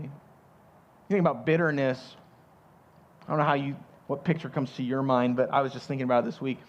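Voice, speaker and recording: A man's voice: mid-range voice, level tone, brisk, pauses often, dull audio. A man with a Southern US accent preaching a sermon in a conversational way, often repeating words as he restarts a thought. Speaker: pastor.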